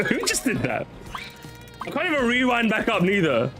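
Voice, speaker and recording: Excitable young man streaming a game. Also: high-pitched, moderate pace. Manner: excitable, swearing, repeating phrases. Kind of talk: casual gaming stream chatter. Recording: game music behind.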